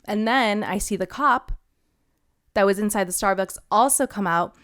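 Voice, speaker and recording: A young woman co-hosting a podcast, telling a story in casual chat, animated and laughing often. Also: medium pitch, normal speed. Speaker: podcast co-host.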